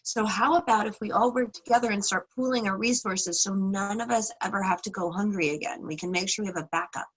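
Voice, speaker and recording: A woman's voice: mid-range voice, brisk, hardly any pauses, husky, lightly acted, low-quality recording. A woman voicing Anansi, a bragging spider god. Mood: persuasive. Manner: gleeful, show-off bragging. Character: boastful male spider trickster god.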